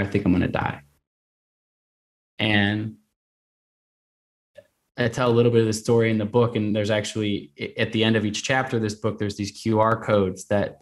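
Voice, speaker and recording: A man in his thirties, a guest on a podcast, telling a long story in an earnest, rambling way full of restarts and "like" and "man". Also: lowish voice.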